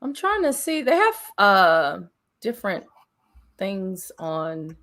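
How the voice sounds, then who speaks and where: Playful woman co-host with lively pitch. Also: takes it slowly. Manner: teasing, playful asides, frequent laughter. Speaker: podcast co-host. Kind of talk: casual live podcast chat.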